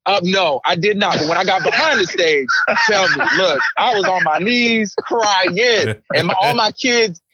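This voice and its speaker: A man shares a personal story on a podcast, full of energy and quoting others in changed voices. His voice sits a little high. The sound is dry and somewhat muffled. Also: measured pace, sharp tone, husky, no room sound. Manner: acts out other people's voices, repeats words. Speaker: podcast guest, singer. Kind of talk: animated storytelling.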